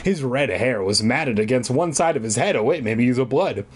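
A man's voice: medium pitch, animated, moderate pace, husky. Profane, sarcastic man reading aloud. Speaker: reader. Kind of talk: casual read-aloud with comic asides.

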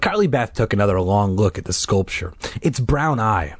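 A man reading a story aloud in a lively way, breaking off for irreverent, swearing jokes. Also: fairly low pitch, moderate pace, no echo. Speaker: reader. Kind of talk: comedic book reading with asides.

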